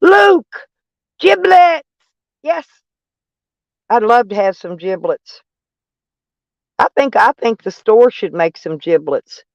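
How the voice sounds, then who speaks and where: A man's voice: high voice, unhurried, no echo. A man from Arkansas with a Southern accent hosting a casual live stream, rambling and joking at his own expense while reading viewer comments. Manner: rambling, joking and self-mocking, breaks into laughs.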